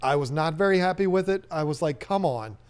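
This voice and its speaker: A man hosts a live stream, reading viewer comments and riffing on them in a loose, joking way. He rambles and restarts his sentences as he goes. His voice sits a little high for a man. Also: fast talker, clear, resonant tone.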